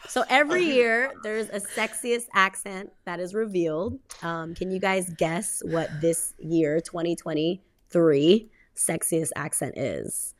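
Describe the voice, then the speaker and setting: A woman's voice: on the low side, a little slow, hardly any pauses. A woman co-host presenting her segment in a chatty, upbeat way, with fillers and small laughs. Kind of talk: casual radio-show chat.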